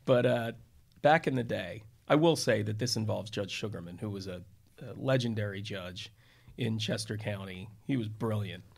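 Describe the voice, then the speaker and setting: A man's voice: fairly low pitch, normal speed, vocal fry. A man, a defense attorney co-hosting a podcast, telling stories in a rambling way with many restarts and asides. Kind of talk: casual storytelling podcast talk.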